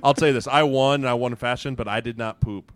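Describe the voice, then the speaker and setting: A man's voice: mid-range voice, steady tone, fast talker, clear, resonant tone, no room sound. Laid-back storytelling man. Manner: laid-back storyteller, chuckles through his tales. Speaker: former pro football player, podcast co-host. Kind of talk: casual podcast chat.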